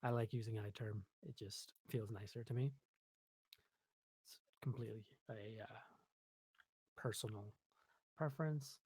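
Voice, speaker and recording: A man's voice: mid-range voice, darkish tone, no echo. A man hosting a coding tutorial, casually thinking aloud while he types, with lots of ums and self-deprecating asides. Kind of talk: casual screen-recorded coding walkthrough.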